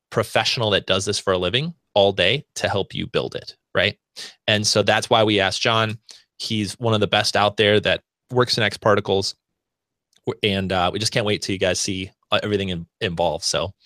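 Man, American, podcast host, bright forceful voice, dry close sound, rambling casual talk. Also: lowish voice, no echo. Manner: rambling, frequent restarts and fillers.

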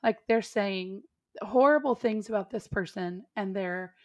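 A woman's voice: mid-range voice, measured pace. A woman speaking as a parent in a casual conversation, rambling and searching for words with lots of "like". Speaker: interview guest, parent.

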